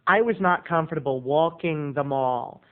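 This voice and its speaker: A man telling a funny personal story in an animated, self-mocking way with quick asides, heard through a tinny phone-like sound. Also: a little high. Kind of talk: comic storytelling.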